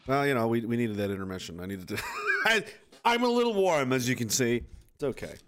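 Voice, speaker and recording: A man's voice: mid-range voice, big pitch swings, fairly quick, a bit bright, soft background music. Sarcastic, foul-mouthed man streaming. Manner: sarcastic and profane, rambling asides. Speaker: livestream host reading viewer comments. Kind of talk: casual livestream chat. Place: at home base on a hot day.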